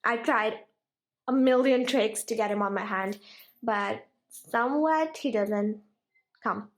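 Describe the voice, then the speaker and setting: Taking it slowly, a young vlogger with a slightly high voice coos and coaxes her parrot at home in a giggly baby-talk voice. The low-quality recording has a roomy sound.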